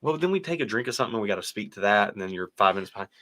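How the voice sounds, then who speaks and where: A man's voice: on the low side, animated, very fast, a bit bright. A young adult man co-hosting a casual whiskey livestream, reading chat aloud and rambling with easy laughs. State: stuffy nose. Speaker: co-host of a whiskey tasting livestream.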